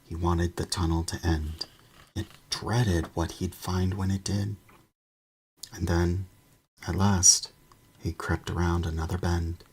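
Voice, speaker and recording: Male storybook narrator, very low and slow, husky, measured. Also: little pitch movement, darkish tone. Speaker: streamer reading a book aloud.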